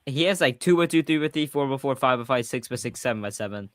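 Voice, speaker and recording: A man's voice: medium pitch, animated, fast talker, no room sound. A man with a Swedish accent hosting a casual livestream chat, talking freely and often correcting himself mid-sentence. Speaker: podcast host.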